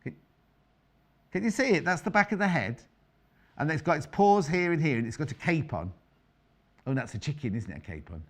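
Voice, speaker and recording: A woman's voice: deep voice, big pitch swings, fairly quick, pauses often. A middle-aged woman presenting a live TV sewing demonstration as a quilting expert, chatty and bantering with crew and viewers.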